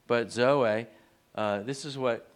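A man preaching a sermon in a church, leading the congregation in call-and-response and pushing his pitch up sharply on key words. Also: slow pace, smooth. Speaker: pastor.

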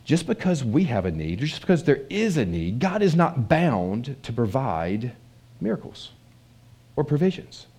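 A man's mid-range voice with a breathy edge, moving at normal speed, preaches a sermon. He keeps it animated and conversational, often questioning his listeners.

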